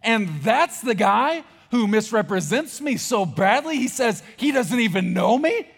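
A stern, reproachful Jesus , as a preacher puts him on, calling in a strained shout far above his usual register. The voice is high and pushed, with loud and drawn-out words. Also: expressive, vocal fry, husky, big-room sound, full character voice.

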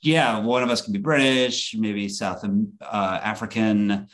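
Give me an easygoing man with a lower voice, joking as a podcast host. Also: steady tone, unhurried, fairly bright tone. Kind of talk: casual podcast chat.

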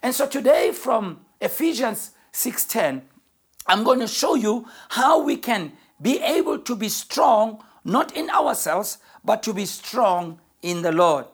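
A woman's voice: fairly high pitch, sing-song, breathy edge. Earnest woman pastor preaching. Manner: earnest, emphatic, slows to stress key phrases. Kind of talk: sermon.

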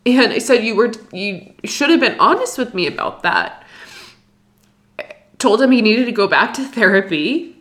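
Young woman, slightly high voice, shaky and hurt, rambling confessional with constant restarts. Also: lively intonation, fairly bright tone. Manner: upset, halting, many "like" fillers and restarts. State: distressed, near tears. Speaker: storyteller. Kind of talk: emotional personal story, confessional.

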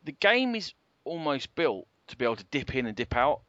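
A man's voice: medium pitch, sing-song, fairly quick, a bit bright, dry recording. A man co-hosting a podcast about games, talking casually at length and with emphasis. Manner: talkative, rambling, emphatic. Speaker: co-host. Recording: dull lo-fi podcast audio.

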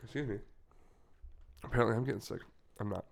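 Gravelly-voiced young man hosting a podcast. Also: medium pitch, fast talker. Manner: joking, rambling, playful. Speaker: podcast host. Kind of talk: casual chat.

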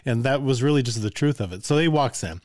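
An older man recounting his years as an orchestra teacher, chatting easily and laughing now and then. His voice sits at an ordinary pitch, recorded close and dry with no room sound. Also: fast talker, dry recording. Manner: relaxed, conversational, chuckles often, asides to listener. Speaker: orchestra teacher telling stories. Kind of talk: casual storytelling.

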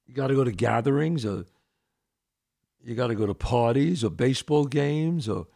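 Middle-aged New host, gravelly voice, casual storyteller who acts out the voices. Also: male voice, mid-range voice, moderate pace, mellow. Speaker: podcast host. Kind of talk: casual storytelling and answering listener questions.

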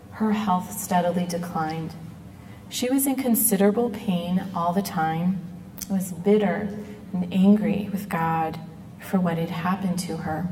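Middle-aged woman, mellow voice, earnest testimony, measured delivery. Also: lowish voice. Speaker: speaker giving a personal testimony. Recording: echoey hall, mic at a distance.

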